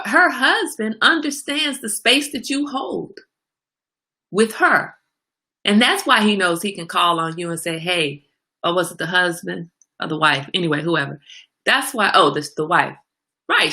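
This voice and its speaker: Low gravelly woman chatting on a livestream. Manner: animated, talks back to commenters by name. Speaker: livestream host. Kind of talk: casual chat reading viewer comments.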